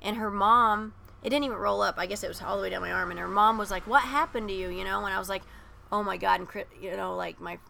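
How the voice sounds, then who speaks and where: Brief: woman podcast co-host, bright and gravelly, rambling storyteller. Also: medium pitch, steady tone, fast talker, few pauses, slight background noise. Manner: rambling, many "like" fillers, acts out quoted voices. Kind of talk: personal storytelling in casual chat.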